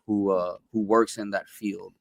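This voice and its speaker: A man's voice: lowish voice, a little slow, creaky, a little hiss or hum. A man hosting a podcast, chatting casually in a rambling way with many restarts. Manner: rambling, restarts often, animated when amused. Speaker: podcast host. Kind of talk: casual chat.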